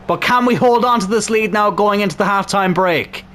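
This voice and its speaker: High-voiced gamer shouting at goals. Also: male voice, moderate pace. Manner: swings from calm play-by-play to shouting and swearing at goals. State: sore throat. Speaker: gaming YouTuber. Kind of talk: excitable football game commentary.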